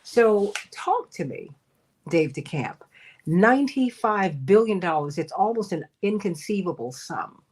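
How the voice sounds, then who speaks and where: A woman hosting a political radio talk show, emphatic and repeating key figures slowly for effect. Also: medium pitch, very animated, breathy edge.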